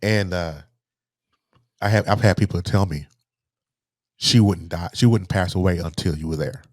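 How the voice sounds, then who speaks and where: A middle-aged man, softly telling a personal story as a podcast guest, halting and restarting as he speaks. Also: low-pitched, no echo, studio quality. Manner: soft-spoken, halting, with repeated restarts.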